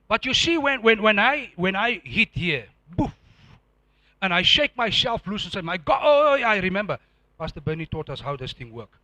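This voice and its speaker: A man preaching a sermon as pastor, animated and firing rhetorical questions at the congregation. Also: high-pitched, normal speed, no room sound.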